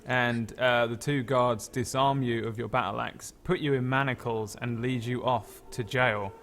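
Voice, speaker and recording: A man runs a tabletop role-playing game as game master, with a gravelly, creaky edge to his voice. His narration is relaxed and loose, full of filler words. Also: mid-range voice, measured pace, over loud music.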